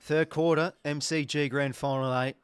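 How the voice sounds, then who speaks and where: An Australian man hosting a live football watch-along, talking as an excitable, sweary fan who reacts to each play. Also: on the high side, normal speed, clear, resonant tone, no echo. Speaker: host.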